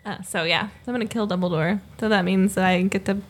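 Female podcast co-host, playful nerd, breathy edge. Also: mid-range voice, fairly even intonation, fast. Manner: playful, self-aware nerdy. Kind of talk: casual chat.

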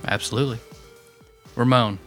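A man co-hosting a podcast, trading jokes and quick asides. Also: mid-range voice, fairly even intonation, a bit bright, faint music behind. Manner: jokey, laughing asides. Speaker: podcast co-host. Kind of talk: casual podcast banter.

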